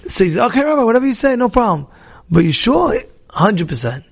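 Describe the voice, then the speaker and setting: With a high, gravelly voice carrying a breathy edge, a man tells stories animatedly in a Torah class at a fairly quick clip. He acts out dialogue, restarts often, and shifts between loud and soft.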